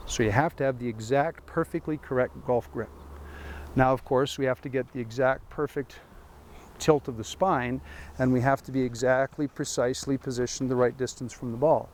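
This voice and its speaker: A man's voice: mid-range voice, steady tone, a little fast, a little mellow, slight background noise. A man, a golf teaching pro, giving a chatty lesson full of rhetorical questions and dry sarcasm. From Canada.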